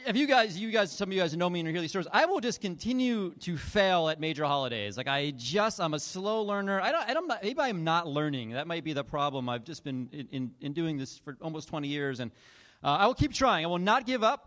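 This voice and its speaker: Male pastor, slightly high voice, chatty sermon, self-mocking, restarts a lot. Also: a bit bright. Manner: self-deprecating, rambling storytelling with many restarts. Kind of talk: conversational sermon with personal anecdotes. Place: church.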